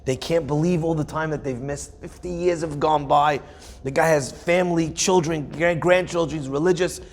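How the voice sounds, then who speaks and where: A man's voice: on the high side, fairly even intonation, normal speed. A man, a rabbi, telling a Torah story vividly, acting out the dialogue of its people.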